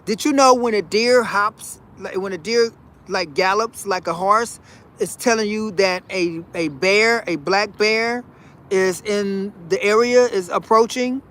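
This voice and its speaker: A man with a notably high voice talks straight to his viewers in a loose, preachy monologue. He is folksy and animated, circles back over his own phrases, and sprinkles in honey and y'all. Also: measured pace. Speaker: vlogger. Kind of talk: casual spiritual monologue.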